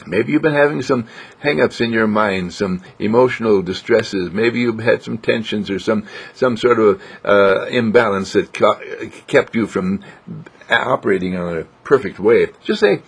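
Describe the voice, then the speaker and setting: A man gently guiding listeners through a self-healing exercise, with a coaxing, repetitive manner. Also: lowish voice, normal speed, slightly rough. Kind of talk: guided self-healing instruction.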